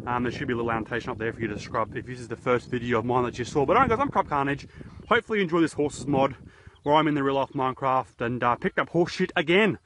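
A man's voice: medium pitch, very fast, fairly bright tone, a little hiss or hum. An Australian man hosting a goofy outdoor vlog in a horse paddock, talking into a handheld camera in a jokey, rambling, self-mocking way. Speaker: YouTuber host.

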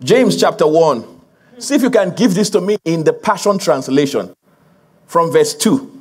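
A man's voice: on the high side, lively intonation, normal speed, slightly rough. A man preaching a sermon as a pastor to his congregation, building emphasis with repeated phrases and laughing along with the crowd.

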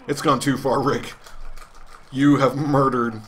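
A man's voice: medium pitch, steady tone, takes it slowly, long pauses, a bit bright. A man commentating a wrestling video game as a let's play host, joking in a mock announcer way. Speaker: gaming channel host.

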